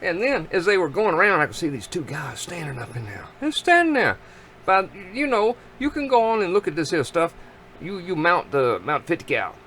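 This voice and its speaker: A middle-aged man, telling a long, rambling story to the camera in a folksy, animated drawl while grilling outdoors. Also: a little high, moderate pace, a little hiss or hum. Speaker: vlogger.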